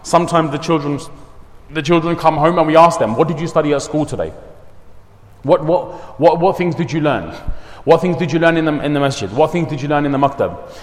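A man teaching at a madrasa gives a community talk, mixing in Urdu and Arabic words and telling stories with lively energy. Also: on the high side, a little fast. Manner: mixes English with Urdu and Arabic words, animated storytelling. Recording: long hall reverb.

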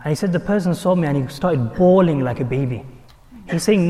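A man preaches a sermon in an earnest, repetitive way, sprinkling in Arabic and Urdu terms. His voice sits fairly high and he speaks very quickly. A long reverb trails each phrase, as in a hall. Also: expressive, warm tone. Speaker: Islamic preacher.

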